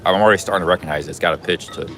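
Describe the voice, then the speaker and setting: A man's voice: sits low, steady tone, racing, a bit bright, a little hiss or hum. A man live-streaming a travel vlog from a busy city street outdoors, chatting in a rambling way with many restarts. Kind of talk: casual walking live stream.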